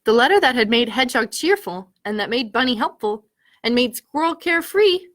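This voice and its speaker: A woman, a children's librarian, reading picture books aloud to children with an animated, questioning storytime manner. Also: fairly high pitch, a little fast. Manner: animated, asks listeners questions, gasps at the story.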